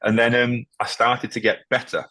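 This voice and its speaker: A man sharing a personal story as a podcast guest, emotional and halting, often restarting his sentences. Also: medium pitch, flat delivery, sharp tone, no echo. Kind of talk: candid interview conversation.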